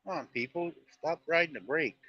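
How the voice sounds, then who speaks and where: A man talks through a live stream from his truck cab, spinning a rambling, folksy story as he drives. His voice sits a little high, and it sounds bright and tense. The sound is dry and somewhat dull, like a lo-fi phone recording. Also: moderate pace, husky, dry recording. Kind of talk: casual live-stream chat while driving.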